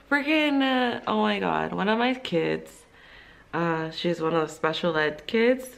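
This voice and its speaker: A woman's voice: fairly low pitch, lively intonation, measured pace, vocal fry. A young woman, an ESL teacher, rambling casually to camera in a vlog, full of fillers and easily moved to tears. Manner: rambling, filler-heavy, emotional. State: teary, crying.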